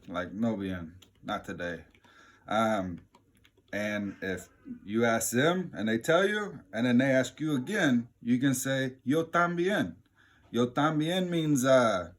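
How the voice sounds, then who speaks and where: A teacher at medium pitch gives a casual, chatty lesson, relaxed and self-deprecating. His voice lifts lively whenever he quotes the phrases he's teaching.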